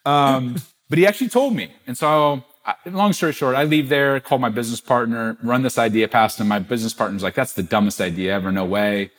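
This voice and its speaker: A middle-aged man, a podcast guest, telling a business story with animated quoted dialogue. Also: mid-range voice, fairly quick, few pauses. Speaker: guest, gift-giving business founder.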